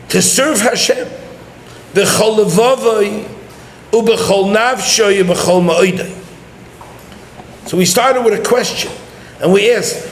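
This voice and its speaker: Rabbi, high voice, lecturing and quizzing students in a reverberant hall. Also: male voice, a little hiss or hum. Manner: mixes Hebrew and Yiddish terms into English, addresses listeners directly. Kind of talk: Torah lecture.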